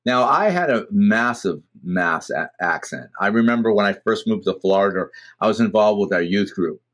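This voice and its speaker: Man, Boston accent, middle-aged, low pitch, chatty podcast host, lots of restarts. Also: normal speed. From Massachusetts. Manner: rambling, animated storytelling with many restarts. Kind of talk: casual chat.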